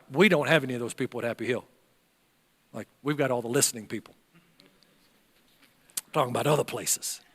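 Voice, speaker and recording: A man's voice: medium pitch, a bit bright, in a large hall. An older man, a pastor preaching a sermon and acting out the voices in the story. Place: church sanctuary.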